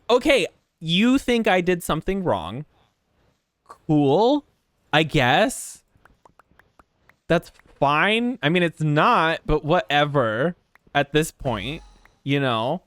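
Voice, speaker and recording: A man streaming and telling a story in casual chat, animated, swearing freely and laughing as he goes. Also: on the high side, slow, long pauses, no room sound, clean studio sound.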